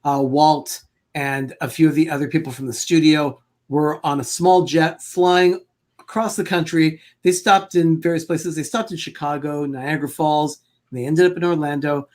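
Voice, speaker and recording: Guy with a higher voice, friendly, sharing fun facts on a chat show. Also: fairly even intonation, moderate pace, darkish tone. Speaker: podcast co-host. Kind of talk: casual chat.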